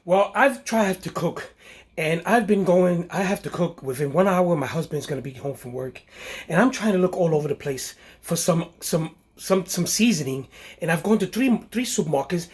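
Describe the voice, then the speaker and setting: A man's voice: sits high, slightly rough. A man voicing a flustered housewife in a homemade mock commercial. He plays her fretful, repeating herself as she hunts for seasoning.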